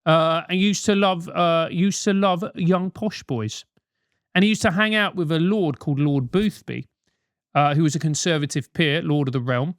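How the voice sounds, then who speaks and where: A man's voice: on the high side, normal speed, no room sound, studio quality. A British man hosting a comic advice show, talking bluntly with lots of swearing and mockery. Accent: British English. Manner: profane, blunt, mocking.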